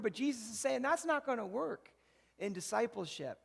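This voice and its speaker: A man's voice: high voice, big pitch swings, normal speed, vocal fry, husky. A man giving a sermon as pastor, talking in a casual, conversational way and often checking in with the congregation. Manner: conversational preaching with frequent "right?" asides. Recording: echoey church hall.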